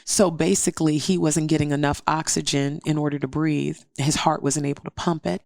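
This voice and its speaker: A woman's voice: low-pitched, steady tone, fairly quick, vocal fry, darkish tone, no echo, clean studio sound. A woman guest telling a personal story in an interview, earnest and step by step, acting out what others said. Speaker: podcast guest.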